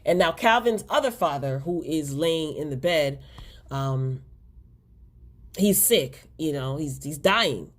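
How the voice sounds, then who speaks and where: A woman's voice: low-pitched, expressive, slow. A woman hosting a casual TV episode recap, chatty and exasperated as she talks straight to her viewers. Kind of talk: casual spoken episode review.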